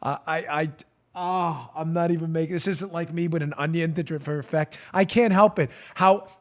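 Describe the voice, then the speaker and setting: Animated sarcastic male talk host. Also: high voice. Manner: sarcastic, laughing, swinging from loud to hushed. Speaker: political talk show host. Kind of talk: animated political commentary.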